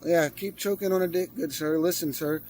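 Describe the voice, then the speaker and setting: A man's voice: on the high side, fairly even intonation, moderate pace, darkish tone, rough recording. A male livestreamer in a heated online debate, aggressive and profane, hammering the same demand over and over.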